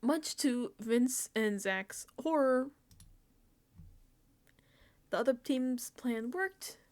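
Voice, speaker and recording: A woman host giving a casual, animated recap of a reality show, laughing often and sounding exasperated. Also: on the high side, very slow.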